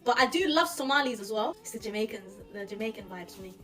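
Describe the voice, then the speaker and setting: A woman's voice: medium pitch, lively intonation, quick pace, fairly bright tone, recorded from a distance, faint music behind. A young woman answering a street interview enthusiastically, repeating her phrases.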